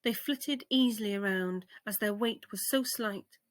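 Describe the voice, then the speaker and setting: A woman reading a children's bedtime story aloud in a gentle, expressive way. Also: mid-range voice, unhurried, no room sound.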